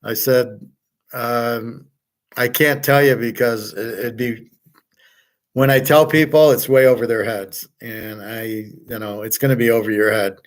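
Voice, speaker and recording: Man, casual monologue, blunt, rambling, swears freely, medium pitch. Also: steady tone, a little slow. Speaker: host.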